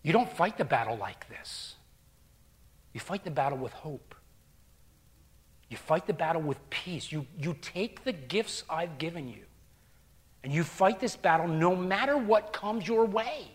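A man quoting a calm, firm male teacher giving counsel in a sermon, in a slightly raised, steady voice. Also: fairly high pitch, unhurried, pauses often, pitched above the performer's own voice.

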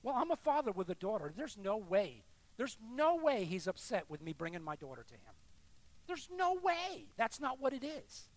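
Middle-aged man, pastor, sermon delivery; emphatic, animated pitch, drops quiet then punches loud. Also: a little fast. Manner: emphatic, swings between quiet confession and loud insistence.

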